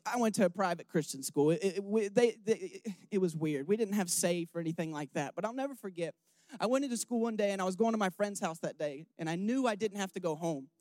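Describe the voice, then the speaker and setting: A young man preaching a candid sermon, rambling with restarts and questions to his listeners, swinging from hushed emotion to loud rousing calls. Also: high-pitched, no room sound.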